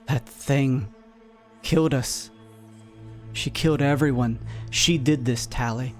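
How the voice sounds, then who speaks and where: A man's voice: mid-range voice, takes it slowly, soft background music, close to an everyday voice. A man voicing an old woman of a psychic folk who accuses and pleads. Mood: pleading.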